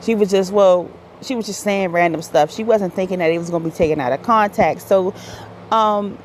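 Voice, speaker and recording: A woman's voice: medium pitch, brisk, slight background noise. A woman hosting a casual commentary show, chatty and filler-heavy, correcting herself often as she talks. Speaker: host.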